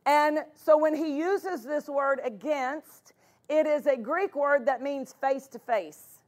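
A high-pitched woman delivers a sermon as a pastor. She preaches emphatically, pressing on key words and repeating them for force. Her voice sits bright and high above the usual woman's range. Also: slow pace.

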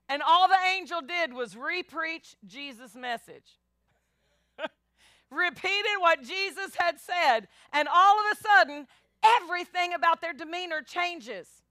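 A woman pastor preaching a sermon, animated, acting out biblical voices and calling the congregation y'all. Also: extremely high pitch, measured pace, no room sound, studio quality.

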